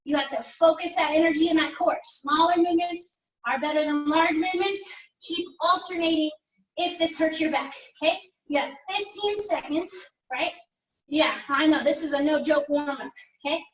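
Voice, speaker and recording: A woman's voice: high voice, moderate pace. A woman leading a pilates workout class, chatty and encouraging as she counts down reps. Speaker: pilates instructor. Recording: echoey room, mic at a distance.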